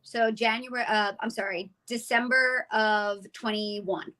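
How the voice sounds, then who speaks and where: A woman's voice: mid-range voice, unhurried, low-quality recording. A woman in her forties, a guest telling her own story in an interview, acting out the voices of people she quotes. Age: 40s. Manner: animated storyteller, acts out quoted dialogue.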